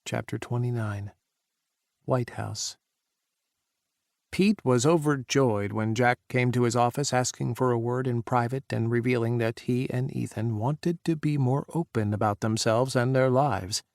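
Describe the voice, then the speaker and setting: A man narrating an audiobook, voicing the characters' shouts during the action scenes. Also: medium pitch, unhurried, creaky, no echo, studio quality. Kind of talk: scripted narration.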